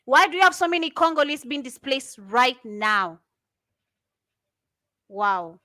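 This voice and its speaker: A woman's voice: high-pitched, animated, takes it slowly, pushed and bright, dry recording. A woman giving impassioned commentary, fiery and indignant, firing off rhetorical questions. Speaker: commentator reacting to videos.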